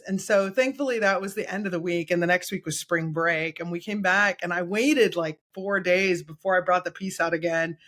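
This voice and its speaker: A woman's voice: lowish voice, steady tone, normal speed, few pauses, fairly bright tone. A woman guest in a casual podcast interview, a candid, chatty storyteller who often laughs. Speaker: guest choral conductor and educator.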